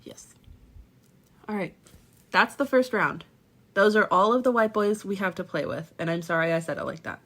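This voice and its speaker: A woman's voice: medium pitch, normal speed, pauses often, a bit bright. A woman co-hosting a podcast in casual chat, rambling with many fillers and restarts. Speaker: podcast co-host.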